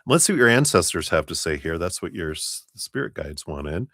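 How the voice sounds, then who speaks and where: Low-voiced man giving a tarot reading. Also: normal speed, dry recording, studio quality. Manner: relaxed, meandering, spiritual talk with many fillers; acts out spirit voices in a raised pitch, laughs often. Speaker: tarot reader. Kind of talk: live tarot reading stream.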